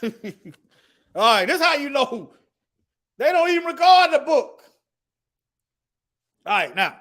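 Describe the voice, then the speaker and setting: A man's voice: very high voice, big pitch swings, takes it slowly, a bit bright. A man teaching the Bible in an emphatic preaching style, reading scripture aloud and addressing his listeners directly. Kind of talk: preaching to an online audience.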